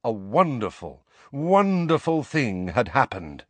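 Brief: male audiobook narrator, expressive and measured, low voice, dry close recording. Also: no room sound.

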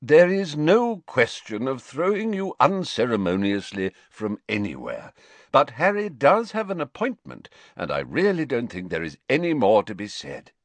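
Casting: man doing a patient old headmaster for an audiobook, low, measured, dry close read. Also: big pitch swings, no echo. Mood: patient, weary. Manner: measured, patient, slightly weary. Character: elderly wise male headmaster, calm, weary. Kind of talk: audiobook character voice.

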